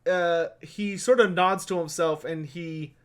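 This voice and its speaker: Man, game master, high-pitched casual tabletop narrator. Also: fairly even intonation, a little slow, fairly bright tone. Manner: casual, filler-heavy narration.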